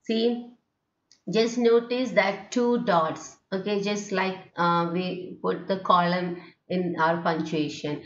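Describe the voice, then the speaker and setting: A woman with an Indian English accent teaching pronunciation at a slow, patient pace. She draws out each vowel sound and keeps checking in with her students. The recording is dull and lo-fi, and her voice echoes in the room. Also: fairly low pitch, fairly even intonation. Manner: slow, drawn-out modelling of vowel sounds with frequent "okay?". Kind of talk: lecture on English phonetics.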